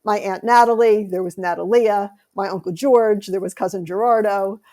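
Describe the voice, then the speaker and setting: An American woman author, a guest on an interview podcast, telling lively anecdotes in conversation. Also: mid-range voice, normal speed. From United States.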